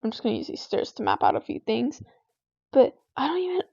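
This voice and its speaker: A woman's voice: fairly high pitch, wildly swooping pitch, fairly quick, vocal fry, darkish tone, dry recording, highs cut off. A teenage girl venting casually about a friend while playing a game, rambling and exasperated, with constant "like" fillers. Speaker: gaming vlogger.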